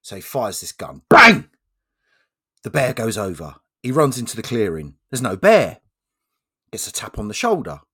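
A man co-hosting a podcast, telling a long joke in casual chat with lively storytelling. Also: moderate pace, breathy edge. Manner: lively storyteller, swings pitch widely. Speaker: podcast co-host.

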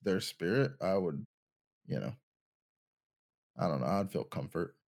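A man's voice: low voice, expressive, unhurried, vocal fry, a little mellow. A young man co-hosting a casual podcast chat, rambling and thinking aloud with lots of restarts. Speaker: podcast co-host.

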